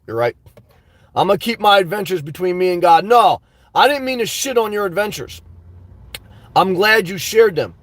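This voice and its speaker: A man hosting a livestream, reading live chat aloud in a rambling, earnest way and calling his viewers guys and man. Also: sits high. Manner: rambling, earnest, repeats words.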